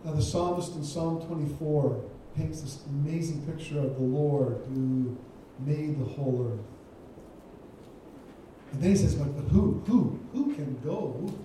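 A man preaches a sermon with emphatic, repeated phrases. His voice sits high for a man yet sounds very dark and mellow. He is caught from well back in a very echoey church, with faint room ambience behind. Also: measured pace, distant mic, slight background noise. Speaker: guest preacher. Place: church sanctuary.

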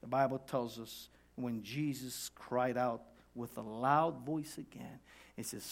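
A male pastor preaching a sermon dramatically, swinging from shouts down to hushed tones. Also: mid-range voice, animated, unhurried, creaky.

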